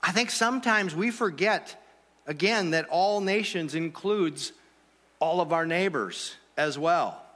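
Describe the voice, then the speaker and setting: Bright-voiced male preacher in a reverberant hall. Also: high-pitched. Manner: conversational preaching with rhetorical questions. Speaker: pastor. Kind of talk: sermon.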